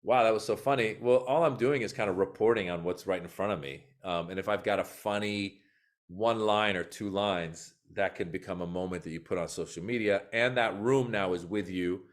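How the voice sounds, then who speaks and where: A man who is a comedian and guest on a podcast, telling animated stories that act out what people said. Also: sits low, moderate pace. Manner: animated, acts out quotes in story. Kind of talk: podcast interview storytelling.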